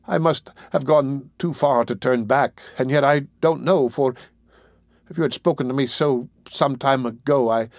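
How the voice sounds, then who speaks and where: A man's voice: mid-range voice, moderate pace, no echo, studio quality, natural voice. A man reading an audiobook, voicing a frightened, desperate young woman with an urgent, pleading delivery.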